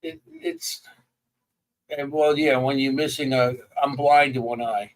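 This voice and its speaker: A man chatting casually as a paranormal investigator, telling stories in an animated way and restarting sentences as he gets excited. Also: mid-range voice, measured pace, recorded from a distance, poor audio. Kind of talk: casual chat.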